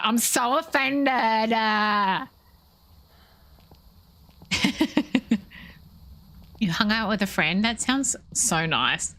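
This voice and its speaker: A woman's voice: fairly low pitch, sharp tone. A playful, chatty woman in her thirties with an Australian accent, talking casually with viewers while streaming a game. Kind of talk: casual gameplay commentary.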